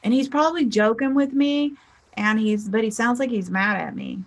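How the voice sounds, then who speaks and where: A woman with a slightly raised pitch gives a casual motivational talk as a spiritual teacher. She speaks in a chatty, conversational way and slips into lively voices for the people she quotes. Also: normal speed. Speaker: spiritual teacher and life coach.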